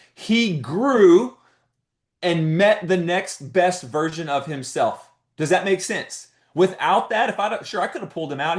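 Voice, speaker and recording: Man giving a punchy motivational talk. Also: on the high side. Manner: urgent, rhetorical questions, punchy repeated phrases. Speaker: motivational speaker to a business team. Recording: roomy echo.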